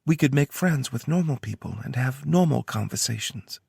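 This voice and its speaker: A man's voice: medium pitch, animated, moderate pace, creaky, a little mellow, breathy edge, no room sound, studio quality, voice pushed up, heavily acted. A man voicing a playful, teasing young woman with a Kentucky accent in an audiobook. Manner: teasing, mock-serious. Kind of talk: audiobook character voice.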